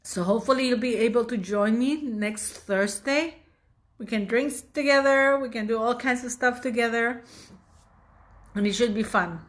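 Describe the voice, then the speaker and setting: Hosting her own channel, a woman in her fifties delivers blunt, indignant opinion commentary with emphatic force. Her voice is fairly high and her speed normal.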